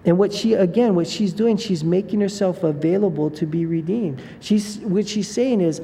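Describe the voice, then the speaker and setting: A man preaching a sermon, his voice slightly high but very dark and mellow, with a gravelly fry. He talks in a loose, conversational way, full of "you know" asides and restarts. The sound rings with a long hall reverb over faint background noise. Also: moderate pace, hardly any pauses.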